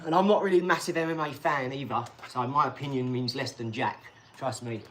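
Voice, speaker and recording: A man's voice: medium pitch, fairly quick, a bit bright, slight background noise. A middle-aged British man hosting a casual boxing livestream, rambling bluntly, swearing freely and talking to his viewers. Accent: British English.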